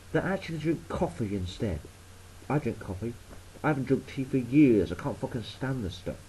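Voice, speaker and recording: A man's voice: medium pitch, warm tone, a little hiss or hum, poor audio. An English man with an English accent, rambling in a blunt, sweary and sarcastic vlog monologue. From England. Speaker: vlogger.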